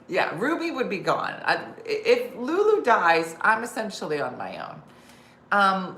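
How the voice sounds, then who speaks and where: A woman's voice: mid-range voice, a bit bright, roomy sound, slight background noise. A middle-aged woman hosting a casual live stream, chatty and laughing, reading viewer comments aloud. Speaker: host.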